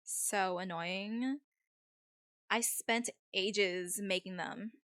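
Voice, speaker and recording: A woman's voice: mid-range voice, fairly even intonation, drawn-out words, a bit bright, dry recording, studio quality. A woman voicing a vain, stylish young witch girl in a put-on Valley girl accent, reading a game's lines. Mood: vain drawl.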